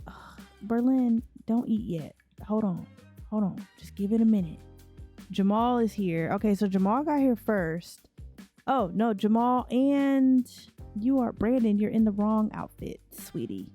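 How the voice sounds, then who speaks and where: A woman's voice: mid-range voice, warm tone. A woman casually commenting on her gameplay in a chatty way, talking to her characters as she plays. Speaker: let's play host.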